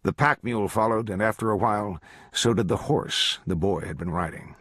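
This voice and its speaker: A man narrates a novel at a steady, measured pace in a fairly low voice. His tone carries a husky grain, and the recording is dry and close with no room sound. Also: dry recording. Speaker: audiobook narrator. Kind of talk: scripted narration.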